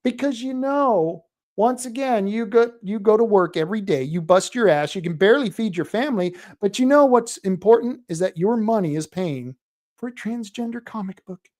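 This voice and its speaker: A man's voice: high-pitched, moderate pace, a little mellow. A man hosting a talk show, giving a sarcastic, crude, ranting commentary monologue.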